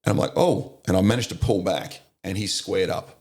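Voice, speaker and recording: This middle-aged Australian man, a veteran of the army, navy and police, swaps war stories as a podcast guest in a relaxed interview, blunt, sweary and often cracking up laughing. He talks fast in a low, fairly even voice that's a little mellow and carries vocal fry.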